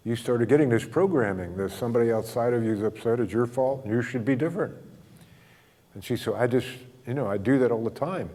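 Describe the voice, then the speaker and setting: A man telling a story about a counseling client to a group, acting out both sides of the dialogue in a relaxed, chuckling manner. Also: medium pitch, big-room sound.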